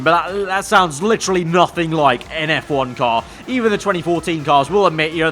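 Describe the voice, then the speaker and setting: A man's voice: on the high side, fairly bright tone. A man, a gaming channel host, giving sarcastic, rambling gameplay commentary.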